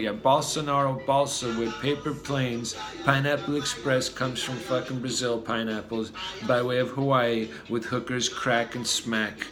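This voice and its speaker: Man vlogger, rambling profane rant, mid pitch. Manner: free-associating, profane, muttering. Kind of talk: rambling conspiracy monologue.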